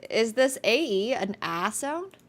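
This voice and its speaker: Gravelly young woman chatting. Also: a little high, big pitch swings, slow. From Finland. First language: Finnish. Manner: chatty, rambling, many restarts and fillers. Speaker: chess streamer. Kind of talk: casual stream chat.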